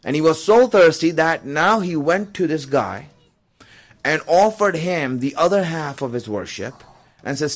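A man's voice: a little high, animated, measured pace. A man preaching a storytelling sermon in a loose, conversational way, full of asides and chuckles. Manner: conversational, fillers, chuckles while telling.

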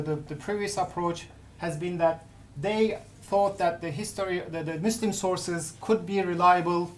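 A woman giving a conference paper presentation, speaking haltingly with many restarts and fillers. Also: lowish voice, darkish tone, a little hiss or hum. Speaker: academic presenter.

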